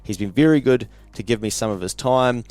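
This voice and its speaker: A man's voice: medium pitch, brisk, a little mellow, no echo. A man with a New Zealand accent hosting a podcast, upbeat, blokey and enthusiastic. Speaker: podcast host. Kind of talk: podcast interview.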